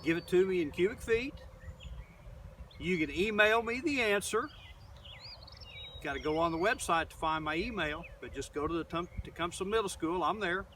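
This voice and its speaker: With a high, expressive, fairly bright voice, an older Oklahoman teaching middle school speaks at normal speed and pauses often. His casual, meandering garden lesson is thick with fillers, captured by a far-off mic amid faint outdoor noise.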